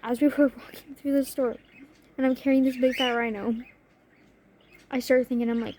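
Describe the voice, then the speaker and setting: A young woman telling a story to her camera in a casual, excitable way, gasping and laughing as she goes. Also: high voice, moderate pace, pauses often, slight background noise. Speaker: vlogger.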